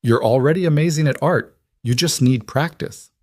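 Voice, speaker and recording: A man's voice: medium pitch, normal speed, a little mellow, voice pushed up, lightly acted. A man voicing a struggling single father in a read-aloud story, speaking tenderly and reassuringly. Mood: encouraging. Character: struggling single dad, gentle and honest. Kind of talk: storybook narration.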